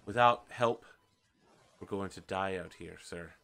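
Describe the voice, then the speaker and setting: Weary half-elf villager, earnest and pleading; a man doing the voice, low slow delivery. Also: gravelly, a bit bright, exaggerated voice.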